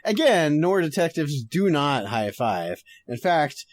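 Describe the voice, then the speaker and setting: A man's voice: fairly high pitch, big pitch swings, slow, no room sound. Chatty man who laughs a lot. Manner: laughs often, sidetracked, swears casually. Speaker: podcast host reading a story. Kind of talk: casual chat and story reading.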